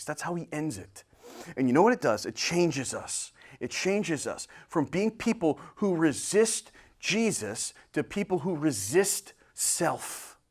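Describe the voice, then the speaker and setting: Animated preacher, lively pitch. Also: male voice. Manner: animated, swinging from loud bursts to hushed whispers. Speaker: pastor. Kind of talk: sermon. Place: church sanctuary.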